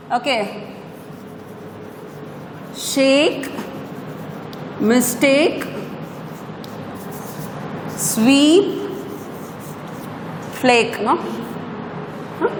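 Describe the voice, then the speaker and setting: A woman's voice: high-pitched, slight background noise. A woman teaching a poetry lesson, patiently repeating points and correcting herself as she goes. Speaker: English teacher. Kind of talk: classroom lecture on poetry. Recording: echoey room with long reverb.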